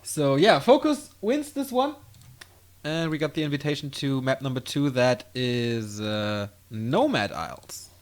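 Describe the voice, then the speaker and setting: A man casting a strategy game on his own, calling the action in quick play-by-play and rambling casually to viewers between games. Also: medium pitch. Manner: excitable play-by-play, drifting into loose rambling asides between games. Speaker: esports caster. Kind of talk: solo game commentary with casual chat.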